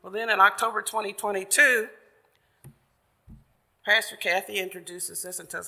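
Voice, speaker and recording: A man telling a sermon story in a folksy, chatty way, paraphrasing as he goes. His voice is fairly high, gravelly and bright. A long church reverb hangs after his words. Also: steady tone, normal speed, long pauses. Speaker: church member giving the message.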